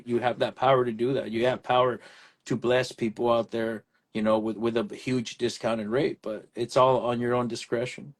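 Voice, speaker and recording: Chatting casually at a moderate pace, a man who works as an electrical contractor tells an animated story. His voice is mid-range, and he voices both ends of a phone conversation.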